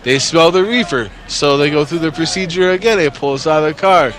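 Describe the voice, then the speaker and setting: A man's voice: on the high side, brisk, fairly bright tone. A man in his forties from New York State telling a story casually, rambling and swearing constantly. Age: 40s.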